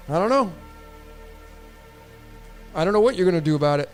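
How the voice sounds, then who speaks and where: A man's voice: high-pitched, expressive, brisk, long pauses, faint music behind. A man hosting a casual livestream tarot reading, rambling with lots of restarts and casual swearing. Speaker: tarot reader and livestream host.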